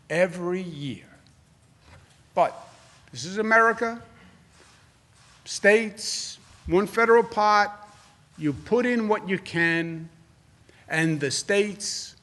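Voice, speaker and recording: A man's voice: high voice, expressive, takes it slowly, long pauses, sharp tone. A man in his sixties with a New York accent answering reporters at a press briefing, combative and repeating phrases for emphasis. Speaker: governor giving press briefing.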